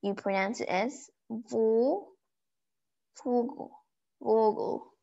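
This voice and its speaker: Lady teaching words super slow, says each one over and over, kinda muffled lo-fi sound. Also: on the high side, darkish tone. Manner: slow, repeating words to pronounce them. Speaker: German teacher. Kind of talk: simple vocabulary lesson. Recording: dull lo-fi recording.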